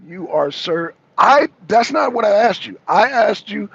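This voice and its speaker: Stream host, male, raised pitch with a raspy edge, keeps hammering his point and argues with chat. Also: normal speed, hardly any pauses, a bit bright, dry recording, highs cut off. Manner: emphatic, repeats himself, argues back. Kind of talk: livestream commentary answering chat.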